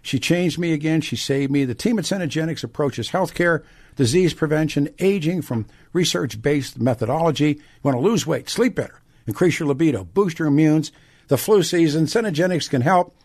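A man's voice: a little high, expressive, fairly quick, darkish tone. An older man hosting a talk radio show, reading ads and ranting bluntly with rhetorical questions. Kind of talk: talk radio monologue and ad read.

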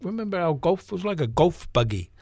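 Middle-aged NZ actor, gravelly, meandering interview talk. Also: male voice, high voice, sing-song, fast talker, dry recording, studio quality. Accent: New Zealand. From New Zealand. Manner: warm rambling, many fillers. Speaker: actor guest. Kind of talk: casual interview chat.

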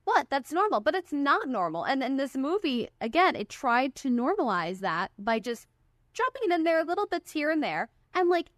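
A woman's voice: high-pitched, big pitch swings, normal speed, no echo, clean studio sound. A young woman guest on a podcast, speaking emphatically and with indignation about her views. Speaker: guest media reporter. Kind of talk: opinionated casual chat.

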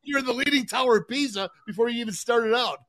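A man's voice: very high voice, fast, fairly bright tone. A man in his sixties co-hosting a podcast, teasing his friends in casual chat and laughing often. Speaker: podcast co-host.

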